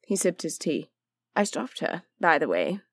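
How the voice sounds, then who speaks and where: A woman's voice: sits low, very animated, a little slow, dry recording, heavily acted. A woman playing a dry, witty aristocratic man who talks in a languid, teasing way. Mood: sardonic.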